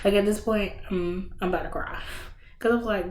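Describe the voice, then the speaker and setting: Animated woman recapping a book, roomy sound. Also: mid-range voice, a little fast. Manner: animated, slangy storytelling with sudden bursts. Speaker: book podcast host. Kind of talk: casual book review chat. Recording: roomy echo.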